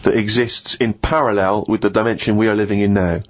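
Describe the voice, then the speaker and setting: A man's voice: lowish voice, steady tone, a little fast. A man co-hosting a casual comedy podcast, rambling through anecdotes and laughing often. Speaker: co-host. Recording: dull lo-fi podcast audio.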